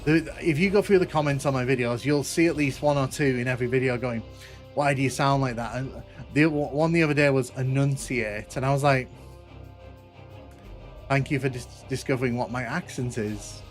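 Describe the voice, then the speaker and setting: A man's voice: medium pitch, fairly quick, faint music behind. A man with a northern English accent from between Manchester and Liverpool, chatting casually while streaming a game and answering viewer comments. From northern England. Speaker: gaming streamer.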